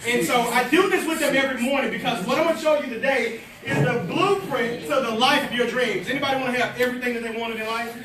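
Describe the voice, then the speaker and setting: Man, very high voice, energetic motivational speaker, far off in an echoey hall. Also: fast, few pauses, noisy background. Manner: energetic, preachy call-and-response. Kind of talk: motivational speech to students. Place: large hall, in front of students.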